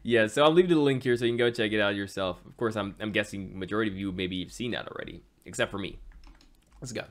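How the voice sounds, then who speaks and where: A man from the Caribbean hosting a reaction channel, talking in a casual, excitable and apologetic way, often stammering and repeating himself. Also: on the low side, quick pace. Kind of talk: casual music reaction commentary.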